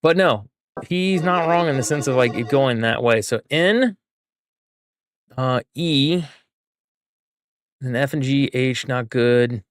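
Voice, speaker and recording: A man's voice: medium pitch, slow pace, long pauses, dry recording. A man streaming a game, chatting with viewers and thinking aloud as he works through a puzzle. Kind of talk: casual live gameplay chat.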